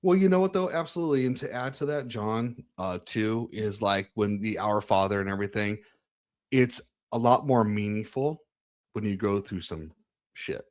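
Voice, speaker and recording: Talking at normal speed in a voice on the low side, a man opens up about his faith. He's a podcast host being interviewed, and in this candid conversation he frequently restarts and repeats words as he hunts for the right ones.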